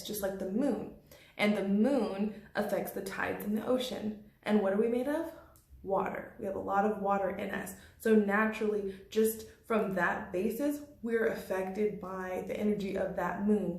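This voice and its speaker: A woman's voice: medium pitch, a little mellow. Chatty woman in an echoey room. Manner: chatty, laughs often, says "like" and "okay?". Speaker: astrology channel host. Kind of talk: casual talk to camera.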